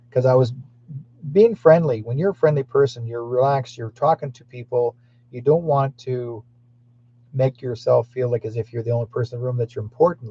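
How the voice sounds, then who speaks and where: A man's voice: mid-range voice, dull audio. A man hosting a psychic talk show, telling stories in a rambling way with many restarts and reading viewer comments aloud.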